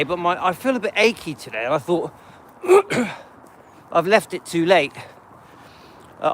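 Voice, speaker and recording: Middle-aged guy, slightly high voice, chatty and rambling, live stream on a dog walk, faint street noise. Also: a bit bright. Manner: rambling, chatty, loose asides with many ums. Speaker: channel host. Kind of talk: casual live-stream chat while walking. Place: outdoors on a residential street, walking a dog.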